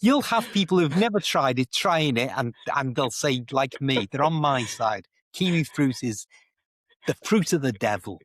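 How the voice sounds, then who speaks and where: Casual co-host: Liverpool man, mid-pitched, talkative, close and dry. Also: animated, normal speed, a bit bright, no echo. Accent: Liverpool English. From England. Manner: chatty, explains idioms with rambling examples. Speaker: co-host, English teacher. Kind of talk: casual chat. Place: indoor home office.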